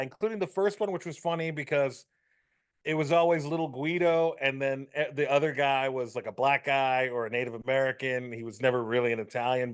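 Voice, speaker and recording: A man's voice: mid-range voice, clear, resonant tone. A man co-hosting a casual podcast chat, ranting and joking with profanity. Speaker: podcast co-host.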